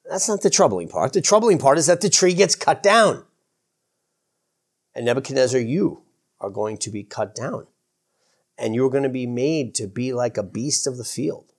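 A man's voice: medium pitch, darkish tone. A male pastor preaching a sermon in a loose, conversational way, with fillers, repeats and self-corrections.

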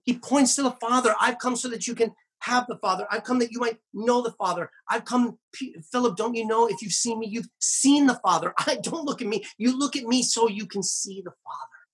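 A male pastor preaching a sermon in an earnest, emphatic way, with wry asides, slowing down and dropping low on key phrases. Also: a bit bright, slightly rough.

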